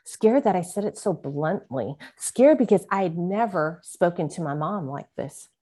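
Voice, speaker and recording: A woman's voice: on the low side, expressive, normal speed, mellow, slightly rough. A woman guest reading an excerpt of her memoir aloud and talking about it, with earnest, vivid storytelling. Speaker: guest author. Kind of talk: memoir reading and interview chat.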